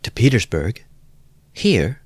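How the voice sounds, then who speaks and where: A man reading aloud, voicing a stern, composed young woman who speaks in measured tones. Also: sits low, dry recording, close to an everyday voice.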